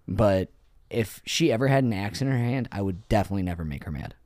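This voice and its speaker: A deep, low-pitched man co-hosting a casual podcast, telling stories with a lively, swooping delivery. He swears freely and laughs often, recorded close and dry with no room sound. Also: quick pace, no echo. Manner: profane, laughs often, animated storytelling. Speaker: podcast co-host. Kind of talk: casual chat.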